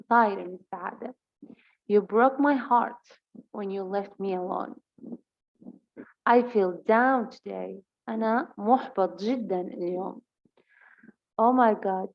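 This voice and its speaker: A woman teaches English with a Levantine Arabic accent, her first language being Arabic. She reads example sentences slowly and explains them at a brisk pace. The recording is slightly dull and lo-fi. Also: medium pitch. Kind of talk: bilingual vocabulary lesson.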